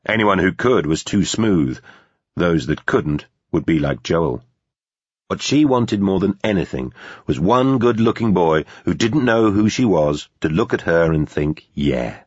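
A man reading a novel aloud in steady, measured scripted narration. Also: low-pitched, slightly rough, no echo. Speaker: audiobook narrator. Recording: dull, lo-fi dry recording.

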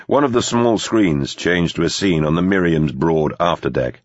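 Audiobook narrator: man, very deep and husky voice, steady, measured reading. Dull, dry recording. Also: no room sound. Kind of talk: scripted narration.

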